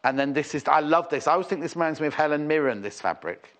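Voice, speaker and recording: Chatty British man with a lively voice. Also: a little high, fast. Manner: chatty, rambling, enthusiastic. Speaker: shopping channel presenter. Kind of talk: live TV selling chat.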